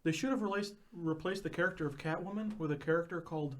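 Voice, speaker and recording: A man talks fast in casual podcast chat, ranting and swearing as he goes. His voice sits a little high for a man. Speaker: podcast co-host.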